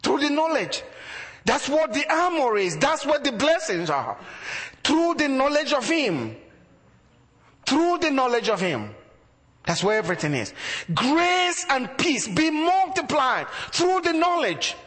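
A man's voice: very high voice, sing-song, unhurried, fairly bright tone, big-room sound. A man preaching a sermon as a pastor, building emphasis through repeated phrases.

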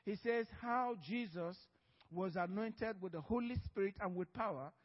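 A man's voice: high-pitched, normal speed, in a large hall, dull audio. A man preaching a sermon as pastor, telling a story with frequent laughter and acted-out dialogue.

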